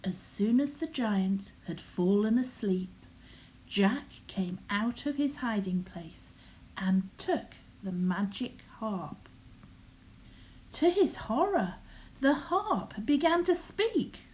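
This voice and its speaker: An older woman reading a bedtime story in a soft, often half-whispered voice. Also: fairly high pitch, animated, slow pace, rough recording.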